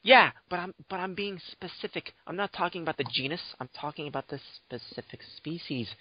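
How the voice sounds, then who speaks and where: A man's voice: on the high side, fairly quick, breathy edge. A young man hosting a podcast, chatting casually in a teasing, mock-offended, rambling way. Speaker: podcast host. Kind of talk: casual banter. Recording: dull lo-fi dry audio.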